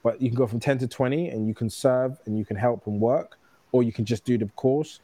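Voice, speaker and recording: A man in his thirties talks candidly as a guest and tells stories in an easy, conversational way. His voice is mellow and warm, sits in a middle register, and is recorded dry and close with no room sound. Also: mid-range voice, steady tone, no room sound. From United Kingdom. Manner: candid, storytelling, quick restarts. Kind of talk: casual conversation.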